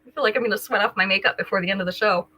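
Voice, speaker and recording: An older woman hosts a live jewelry sale at a racing pace, her medium-pitched voice steady but sharp in tone. She casually greets viewers by name and describes each piece, on a rough recording.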